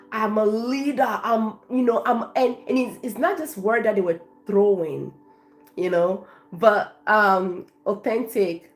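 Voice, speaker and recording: A woman's voice: mid-range voice, darkish tone. A woman from Africa, a life coach, chatting effusively on a live stream and thanking her viewers by name.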